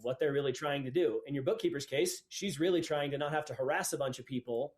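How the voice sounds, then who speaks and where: A man's voice: mid-range voice, fast, darkish tone. A man hosting a podcast, reframing and summing up his guest's points in a casual chat. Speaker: podcast host.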